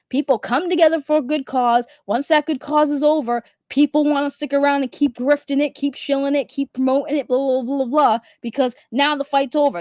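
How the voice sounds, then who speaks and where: A woman's voice: high-pitched, a little mellow, no echo, clean studio sound. A young adult woman streamer giving blunt, profane ranting commentary, repeating her points for emphasis.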